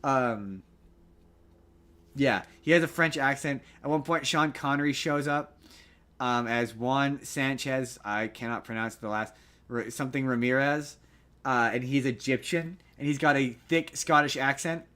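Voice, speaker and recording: Guy cohosting a movie podcast, bright forceful voice, jokey and rambly, keeps correcting himself. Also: mid-range voice, a little slow. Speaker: podcast co-host. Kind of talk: casual movie chat.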